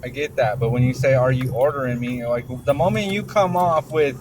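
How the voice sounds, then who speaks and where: A man in a casual debate, making measured, somewhat hesitant points. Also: medium pitch, a little hiss or hum.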